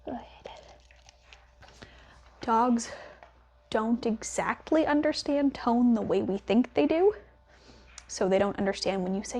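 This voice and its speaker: A young dog trainer explains what she's doing while working a dog, speaking slowly and steadily and offering quiet praise, at times whispering. Her voice is a little high and gravelly.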